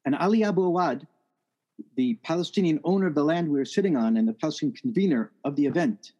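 A man's voice: fairly high pitch, lively intonation, fast talker, warm tone, lo-fi sound. A man telling a personal story in an earnest, reflective way, his voice rising at the emotional peaks. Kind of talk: first-person storytelling talk.

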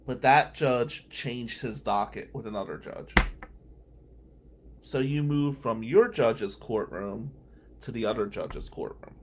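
A man's voice: mid-range voice, slow pace, slight background noise. A man telling courthouse stories as a regular on a radio talk show, acting out the people he quotes. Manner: animated anecdotal storyteller, acts out quotes.

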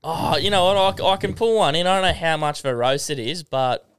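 Bright-voiced blunt Australian man. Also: on the high side, lively intonation, brisk, smooth, no room sound. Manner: blunt and swearing, dry asides. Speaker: podcast co-host. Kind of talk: casual chat.

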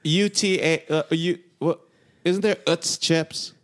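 A man's voice: on the high side, fairly even intonation, slow. A man in his thirties co-hosting a podcast, joking loosely and swearing freely in casual banter. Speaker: podcast co-host.

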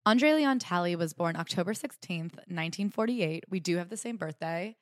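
Young woman co-hosting a podcast, lively and chatty, swears a bit, dry close sound. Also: fairly low pitch, normal speed, no room sound. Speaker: podcast co-host. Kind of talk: casual chat.

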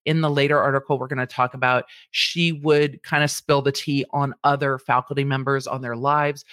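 A woman's voice: rumbling low, level tone, moderate pace, fairly bright tone, no room sound, studio quality. A woman hosting a casual commentary show, talking animatedly and putting on exaggerated quoted voices. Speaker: commentary host.

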